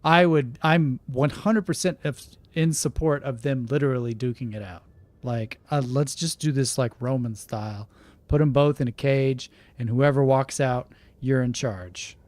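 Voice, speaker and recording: A man's voice: mid-range voice, normal speed, a little mellow, no room sound. A man from Oklahoma with an Oklahoma accent, casually commentating a video game, reading its text aloud and laughing often as he answers chat. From Oklahoma, USA. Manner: chatty, laughs often, reacts to live chat. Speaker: gaming streamer.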